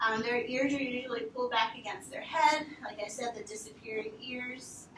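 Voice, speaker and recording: A woman teaching a room of volunteers, her voice bright and a touch high. She talks with lots of energy and slips into acting out what the animals are saying. She sits at a distance from the mic, with a roomy echo and faint background hum. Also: moderate pace. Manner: animated, acts out dogs' thoughts in quotes. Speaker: veterinary behavior instructor. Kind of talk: training talk to volunteers. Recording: roomy, from far off, faint ambience.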